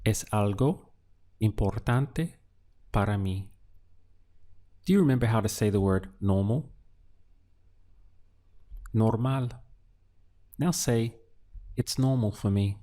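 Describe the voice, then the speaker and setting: A man teaching a language lesson, speaking calmly and patiently and pausing often so the listener can answer. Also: lowish voice. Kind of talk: slow, deliberate language lesson.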